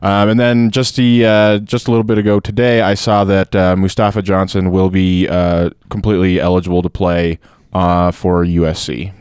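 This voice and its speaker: A man's voice: low voice, level tone, normal speed, a little mellow, smooth, no echo, clean studio sound. A man co-hosting a casual sports podcast, making wry jokes with many fillers. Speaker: podcast co-host.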